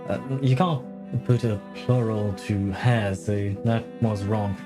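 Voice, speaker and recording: A man's voice: fairly low pitch, steady tone, takes it slowly. Rambling man streamer with fillers. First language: not English. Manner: rambling, many fillers, self-correcting, laughing often. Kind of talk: casual live-stream chat. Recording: faint music behind. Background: faint game music.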